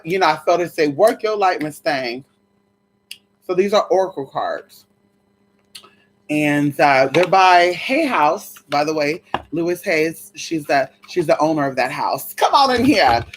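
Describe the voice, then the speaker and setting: A sassy livestream host chats casually with her audience, greeting viewers one by one in a middle-pitched voice. Her loose talk is full of swearing, endearments, and asides, with slight background noise.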